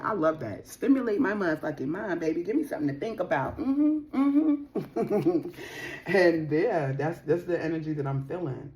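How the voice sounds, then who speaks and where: A woman's voice: on the low side, expressive, moderate pace, a little mellow. Chatty woman giving a tarot reading. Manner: chatty, slangy, playful, laughs often. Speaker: tarot reader. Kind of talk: casual tarot reading to viewers.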